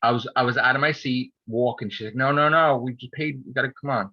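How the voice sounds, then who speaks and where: A man's voice: medium pitch, fairly even intonation, quick pace, highs cut off. A man in casual chat, ranting with heavy profanity. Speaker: podcast host.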